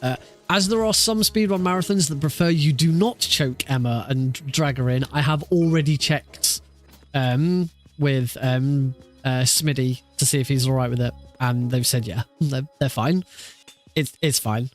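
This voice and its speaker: A man's voice: mid-range voice, moderate pace, soft background music. A man streaming a speedrun practice, chatting casually with viewers, laughing often and swearing freely. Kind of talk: casual live-stream chat.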